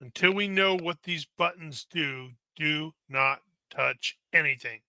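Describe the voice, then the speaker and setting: A stern male starship security officer, played by a man at a tabletop game, speaking in sharp, clipped military orders. The voice is very bright and cutting. It sounds close and dry. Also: medium pitch, steady tone, unhurried, dry recording. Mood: stern commanding. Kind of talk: tabletop role-play.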